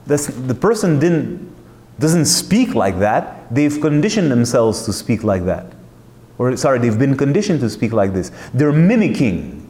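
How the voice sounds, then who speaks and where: A man's voice: mid-range voice, very animated, unhurried, mellow, reverberant. A man hosting a talk, speaking in an emphatic, searching way, full of rhetorical questions and restarts. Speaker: host. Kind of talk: reflective monologue.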